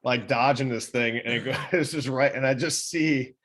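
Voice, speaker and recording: A man, a physical therapist co-hosting a podcast, telling a story in a relaxed, chatty way. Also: mid-range voice, normal speed. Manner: relaxed, chatty, checks in with "right?". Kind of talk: casual podcast chat.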